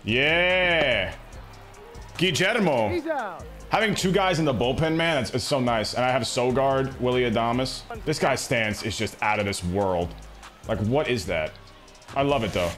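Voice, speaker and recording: A young man streaming a baseball video game, reacting in excitable, slangy commentary that swings between loud hype and low muttering. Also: a little slow, faint music behind. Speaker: gaming streamer. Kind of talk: live gameplay commentary.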